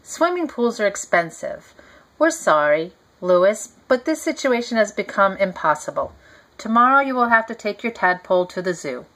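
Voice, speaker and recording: A woman's voice: mid-range voice, very animated, moderate pace, fairly bright tone. A woman voicing firm but apologetic parents as she reads a storybook aloud. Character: firm but sorry parents laying down a rule.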